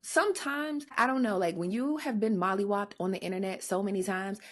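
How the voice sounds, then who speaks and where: A woman's voice: medium pitch, fairly quick. Blunt, profane woman gossiping. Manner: blunt, profane, emphatic with repetition. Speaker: podcast co-host. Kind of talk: casual pop-culture gossip chat.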